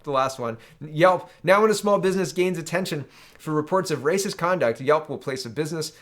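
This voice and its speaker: Exasperated man ranting on politics. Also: fairly high pitch. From Canada. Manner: exasperated ranting, tags "right?" often. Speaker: political commentator. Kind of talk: solo opinion commentary.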